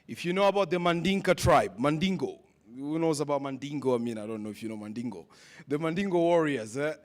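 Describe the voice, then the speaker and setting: A man's voice: fairly high pitch, lively intonation, quick pace. A man speaking at a leadership summit, giving a motivational speech that repeats questions to the audience. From West Africa. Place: conference hall.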